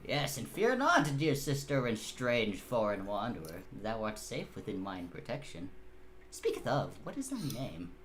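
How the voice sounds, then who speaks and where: A man's voice: mid-range voice, sing-song, slight background noise. A man doing a pompous young knight in old-fashioned speech. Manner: slow, loud, mock-archaic proclamations.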